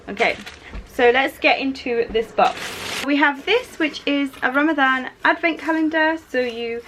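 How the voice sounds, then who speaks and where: A young woman chats to her handheld camera in a cheerful, easygoing home-vlog manner, laughing often. Her voice sits a little high for a woman. A faint hum of background noise sits under her talk. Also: a bit bright, poor audio. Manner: chatty, upbeat, laughs often. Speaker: vlogger and mother. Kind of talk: casual home vlog chat. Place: home garden and house.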